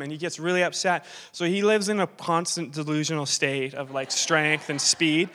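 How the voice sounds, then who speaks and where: Man, 30s, missionary guest speaker in a church hall, bright voice, fairly high, joking asides, long reverb. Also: steady tone, normal speed. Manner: joking, self-deprecating, rambling asides. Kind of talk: church talk with humorous stories. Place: church sanctuary.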